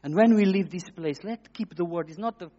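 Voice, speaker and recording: A man's voice: sits high, fairly quick. Dramatic preacher man, dull lo-fi recording. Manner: dramatic, swings between hushed and loud; simple, broken phrasing. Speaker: guest preacher giving testimony. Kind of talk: emotional testimony sermon.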